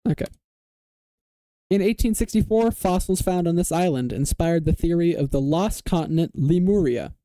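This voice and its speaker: A man hosting a casual online quiz game, reading clues aloud and confirming answers with a quick "yes, sir". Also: on the high side, mellow, no room sound. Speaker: quiz show host.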